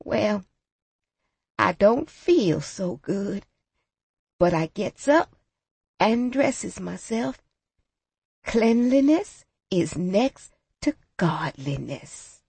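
A woman voicing a frail elderly grandmother with a raspy, weary voice, speaking slowly. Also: medium pitch, big pitch swings, darkish tone, no room sound, heavily acted.

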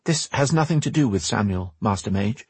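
A gracious young princess, courteous and composed, her lines pitched a little above a deep husky voice, as a male narrator puts her on. She speaks formally and evenly, close and dry, as in a storybook reading. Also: expressive, moderate pace, no room sound. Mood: earnest.

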